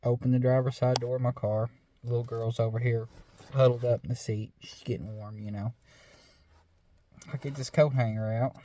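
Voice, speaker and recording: A man's voice: mid-range voice, level tone, moderate pace, mellow, slight background noise. A middle-aged man, telling a true story in a casual, drawling way with many fillers and repeated "I said". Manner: easygoing, drawling, lots of fillers and 'I said'.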